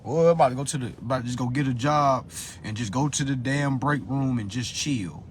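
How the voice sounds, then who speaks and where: A man's voice: brisk, slight background noise. Profane man ranting on a phone stream. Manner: swings between low muttering and loud high-pitched outbursts. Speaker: live-stream host. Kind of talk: profane live-stream rant. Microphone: phone on a social live stream.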